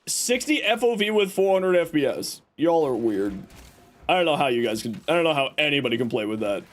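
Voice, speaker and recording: A man's voice: fairly high pitch, sing-song, fairly quick. A man hosting a livestream, chatting casually and teasing as he greets viewers and reads chat. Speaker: livestream host reading chat.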